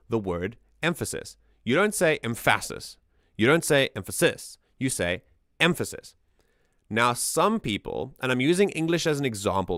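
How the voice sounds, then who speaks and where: Man, music analysis host, casual and explanatory, lots of fillers, average-pitched voice, dry close sound. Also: no echo. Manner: chatty, explanatory, many fillers and restarts; hums and sings examples to show rhythm.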